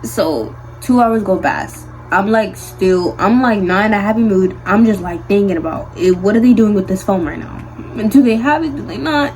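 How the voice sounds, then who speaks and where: A young woman recounts a story for her vlog, talking in an animated, slangy rush of fillers. Her pitch sits in the middle, and soft music plays faintly behind her. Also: unhurried, poor audio. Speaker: vlogger.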